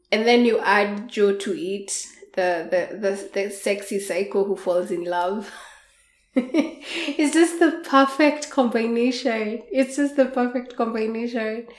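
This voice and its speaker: Woman podcast host, frank and leisurely storyteller, slow delivery, echoey room sound. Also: medium pitch. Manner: frank, unhurried, with soft laughs. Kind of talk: candid storytelling monologue. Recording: roomy echo.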